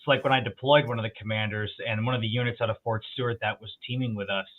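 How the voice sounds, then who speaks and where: A man talking in a casual chat, telling profane, animated stories. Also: fairly low pitch, very fast. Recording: tinny phone-like line.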